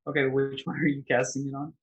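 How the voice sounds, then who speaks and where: A man runs a tabletop game in a husky, slightly breathy voice. He narrates at an easy pace and keeps restarting his sentences with small fillers. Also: mid-range voice, fast, highs cut off. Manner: relaxed, with frequent fillers and rephrasing. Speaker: game master.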